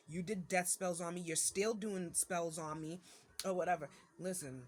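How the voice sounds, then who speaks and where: A woman's voice: lowish voice, fairly even intonation, normal speed. A mother venting to her viewers in a casual monologue, irritated and ranting, with many fillers and restarts.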